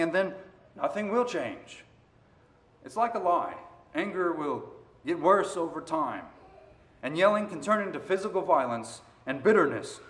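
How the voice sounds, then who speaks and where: A man preaching a sermon, moving between quiet stretches and loud, emphatic passages. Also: a little high. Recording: roomy echo.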